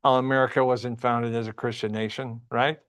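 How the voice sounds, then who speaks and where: A man's voice: medium pitch, flat delivery, a little fast, fairly bright tone. A man teaching a church Sunday class, often asking the class questions and repeating himself.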